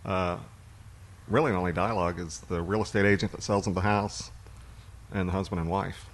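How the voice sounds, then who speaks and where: Deep-voiced man rambling about movies. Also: brisk. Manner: relaxed, rambling storyteller. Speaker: podcast co-host. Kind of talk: casual chat about movies.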